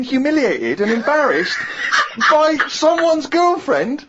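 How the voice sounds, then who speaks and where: A man in his thirties co-hosts a radio show, telling a funny story in casual chat while mimicking other people's lines and laughing as he goes. His voice is on the high side and brisk. The slightly muffled radio recording is very noisy.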